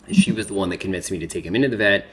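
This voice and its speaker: A man's voice: deep voice, rapid-fire. A man in his thirties telling a personal story in a rambling, filler-heavy way while doing his makeup, holding back tears. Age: 30s. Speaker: makeup vlogger. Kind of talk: casual get-ready-with-me chat.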